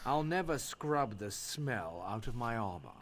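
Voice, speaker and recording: An actor voicing a surly, dismissive mercenary in a fantasy game. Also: male voice, mid-range voice, big pitch swings, measured pace. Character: surly mercenary man in a swamp town.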